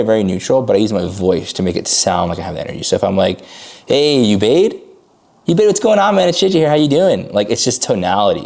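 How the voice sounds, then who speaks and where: A man running a sales coaching call, talking fast and casually with many "like" fillers and bursting into high energy when he acts out calls. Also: creaky, darkish tone.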